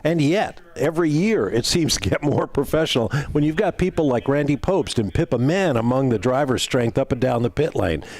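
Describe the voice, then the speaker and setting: A man from Atlanta giving live race commentary, measured and knowledgeable, stretching words for emphasis. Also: medium pitch, animated, darkish tone. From Atlanta, USA.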